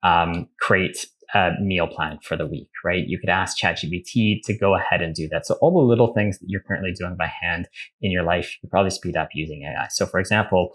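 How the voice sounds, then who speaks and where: Low-voiced young man talking through a tutorial. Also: fairly bright tone. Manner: chatty, self-correcting, reads typed prompts aloud slowly. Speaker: tech tutorial host. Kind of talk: casual screen-share tutorial.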